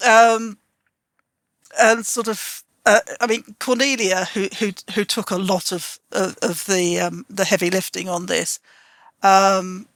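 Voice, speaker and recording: A woman publisher chatting casually and telling stories with lively, hesitant restarts. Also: mid-range voice, slow, dry recording. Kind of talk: casual conversation.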